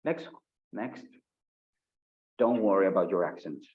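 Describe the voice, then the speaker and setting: Male Colombian tutor, Paisa accent, slightly low voice, animated, lo-fi video-call sound. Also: a little slow. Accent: Colombian Spanish, Paisa. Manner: animated, acts out sample answers with shifting pitch. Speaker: IELTS speaking tutor. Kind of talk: live online lesson.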